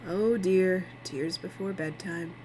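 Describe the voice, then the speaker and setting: A woman's voice: mid-range voice, animated, moderate pace, a little hiss or hum, natural voice, rough recording. Smug sneering tv producer guy read by a woman, needling everyone, storybook read-aloud. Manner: sarcastic, needling. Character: smug male TV producer, mocking.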